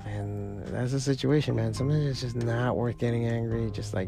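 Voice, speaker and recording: A man with a gravelly, fry-laden voice at a middle pitch hosts a solo podcast. He rambles casually, swears freely and restarts his sentences often. Faint music plays behind him. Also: fairly even intonation, normal speed. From part Cuban family. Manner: rambling, profane, with many restarts. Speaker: podcast host.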